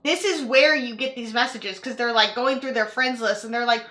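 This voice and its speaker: Young woman commentator, high bright voice, chatty, lots of "like" fillers, casual reaction talk. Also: moderate pace. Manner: chatty, filler-heavy with frequent "like", repeats herself. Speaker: YouTube commentator.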